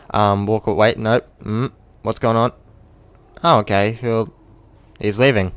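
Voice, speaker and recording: A man's voice: on the low side, steady tone, a little fast, a bit bright. A young man giving casual, self-mocking commentary over his own gameplay and acting out what he said in the match. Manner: chatty, self-mocking, acts out his own in-game quotes.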